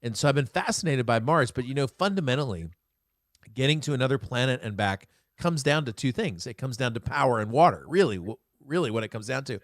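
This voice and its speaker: A man's voice: mid-range voice, expressive, fairly quick, dry recording. Guy hosting an interview, jokey and rambly, dead dry room. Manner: joking, rambling storyteller. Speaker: podcast host. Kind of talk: casual interview chat.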